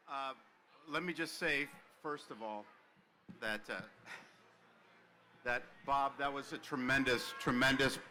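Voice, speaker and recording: A man's voice: medium pitch, pushed and bright, a little hiss or hum. A man in his sixties from Cuba, the class historian, presenting honorees with wisecracks and chatty asides. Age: 60s. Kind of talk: joking ceremonial announcement.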